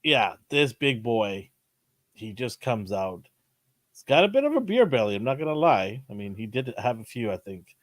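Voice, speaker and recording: A man co-hosting a casual review podcast, with a fairly low, middle-range voice. He jokes constantly and exaggerates playfully while describing scenes. The recording is dry and close-miked. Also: very animated, normal speed, no room sound. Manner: joking, playful banter with vivid exaggeration. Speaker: podcast co-host. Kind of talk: casual chat reviewing a TV episode.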